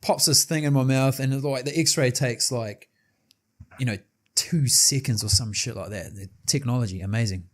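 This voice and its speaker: A man co-hosting a casual podcast. He tells stories with heavy swearing and acts out what others said. His voice sits at an ordinary middle pitch. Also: normal speed. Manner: profane, animated storytelling, acts out quotes. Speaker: podcast co-host. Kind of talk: casual chat.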